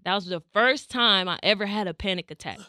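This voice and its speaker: Young woman podcast host, bright forceful voice, dry sound, acts out the back and forth as she tells it. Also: mid-range voice, fairly quick, dry recording. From California. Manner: animated, acts out quoted dialogue. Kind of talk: casual storytelling chat.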